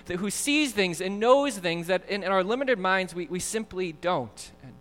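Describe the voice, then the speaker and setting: Male pastor mid-sermon, earnest and lively, recorded in a reverberant hall. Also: high voice, moderate pace. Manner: earnest, animated preaching with frequent repeated words.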